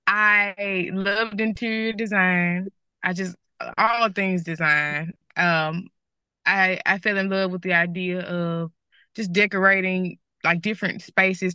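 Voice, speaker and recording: A woman's voice: fairly low pitch, pushed and bright, dry recording. A young woman with a Southern American accent, a TV journalist guest, talking candidly and chattily about her career at a school event. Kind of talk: school career talk interview.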